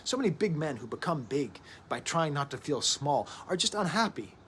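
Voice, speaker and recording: A man in his thirties, talking through an album at home in an animated, rambling way with joking asides. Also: on the high side, normal speed, a little hiss or hum. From United States. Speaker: record reviewer. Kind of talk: casual music analysis to camera.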